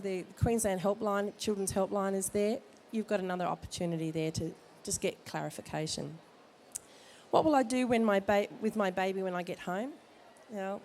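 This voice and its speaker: A woman's voice: medium pitch, darkish tone, a little hiss or hum. A woman who has a cold, a midwife giving jokey, direct advice to expectant parents at an expo. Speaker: midwife speaker at a baby expo. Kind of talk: informal talk to expectant parents. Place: expo hall.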